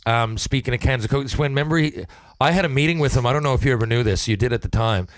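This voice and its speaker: A man's voice: medium pitch, racing, no echo. Man, former hockey player, from newfoundland, casual podcast chat, swears a lot, laughs mid-story, dry close sound. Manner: swears freely, laughs through stories.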